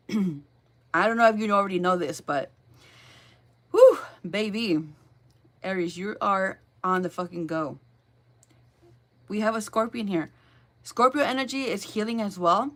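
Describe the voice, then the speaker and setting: A woman giving a casual tarot reading, excitable and emphatic, repeating her phrases and swearing freely. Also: mid-range voice, normal speed, long pauses. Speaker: tarot reader.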